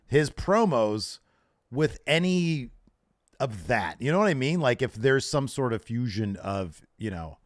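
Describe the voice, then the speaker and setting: A man's voice: mid-range voice, unhurried, no room sound, studio quality. A man co-hosting a podcast, chatting casually and laughing easily as he recaps a wrestling show. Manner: animated, laughs easily, acts out quotes. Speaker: podcast co-host.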